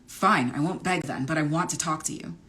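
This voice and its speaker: A woman voicing a brash young college hockey guy, blunt and swearing freely, in a lowish, unhurried voice as she reads a romance novel aloud. The figure sounds cocky and sure of himself. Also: fairly bright tone.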